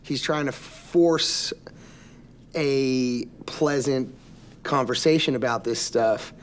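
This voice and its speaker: A man, an actor as an interview guest, telling stories in a relaxed way with frequent ums. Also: mid-range voice, slow. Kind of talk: interview anecdotes.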